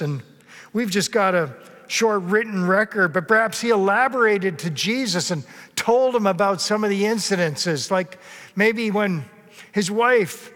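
A man delivers a sermon with a fairly high voice, earnest and storytelling, now and then slipping into the voices of the people in his story. His words ring out with a long reverb, as if in a large church sanctuary. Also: a bit bright. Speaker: pastor.

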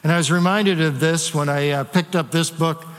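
In a church sanctuary with long hall reverb, a male pastor delivers a sermon at normal speed, his voice a little high and his tone steady. He talks conversationally and puts rhetorical questions to the congregation.

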